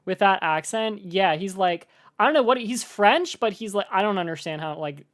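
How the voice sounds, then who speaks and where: With a medium-pitched voice at normal speed, a young streamer from the United States reacts to a video in casual live-stream chat. She's rambling and filler-heavy, lively and laughing throughout.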